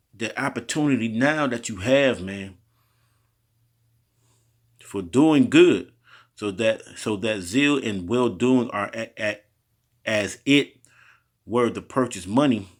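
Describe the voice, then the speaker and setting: Speaking on the low side, a man gives informal Bible teaching as a street preacher, reading verses in a slangy, loose manner and interrupting with asides. Difficult pronunciations trip him up, so he keeps stumbling and starting over.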